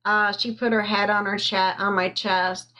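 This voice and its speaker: A woman telling a personal story on a live stream into a phone, halting with frequent pauses and fillers, stopping to thank viewers. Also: medium pitch, fairly even intonation, pushed and bright, dull audio. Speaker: livestreamer telling her own story.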